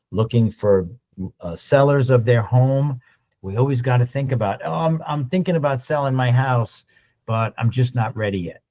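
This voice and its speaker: A man giving a lunch-and-learn sales talk, animated and acting out little dialogues as he goes. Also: mid-range voice, highs cut off. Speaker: sales trainer.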